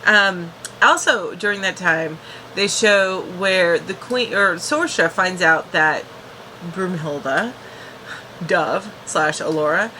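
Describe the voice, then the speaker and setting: Bright-voiced chatty woman reviewer. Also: on the low side, takes it slowly, slight background noise, poor audio. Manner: chatty, restarts and fillers. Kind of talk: casual episode recap.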